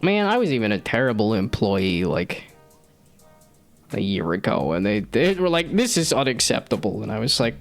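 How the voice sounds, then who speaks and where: Rambling, animated man streaming late. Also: lowish voice, normal speed, faint music behind. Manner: rambling, self-deprecating, laughs often. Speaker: streamer and hobby game developer. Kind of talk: casual live-stream chat.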